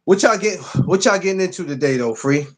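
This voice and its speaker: A man's voice: high voice, expressive, brisk. A man hosting a podcast in casual morning chat, playful and teasing, repeating his phrases. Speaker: podcast host.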